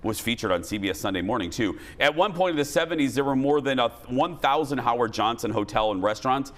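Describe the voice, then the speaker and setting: A man's voice: medium pitch, lively intonation, fast talker, a bit bright. A man hosting a TV talk show in a studio with a live audience, upbeat and chatty, turning earnest and heartfelt.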